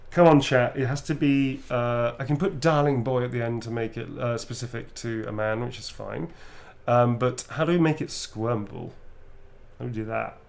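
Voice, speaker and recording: A man's voice: mid-range voice, fairly even intonation, normal speed, creaky, darkish tone. A man signing autographs on a livestream, chatting playfully and putting on sultry readings of quoted lines. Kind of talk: casual livestream chat.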